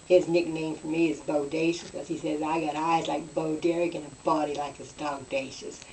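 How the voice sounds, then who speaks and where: A woman's voice: low-pitched, level tone, moderate pace, darkish tone, slight background noise. Folksy woman comic, distant mic. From West Virginia. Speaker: comedian. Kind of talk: deadpan hillbilly stand-up routine.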